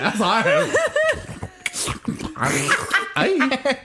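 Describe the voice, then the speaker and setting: A man's voice: high-pitched, wildly swooping pitch, normal speed, very noisy. A man co-hosting a podcast in casual chat, laughing often and swearing freely as he tells stories. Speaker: podcast co-host.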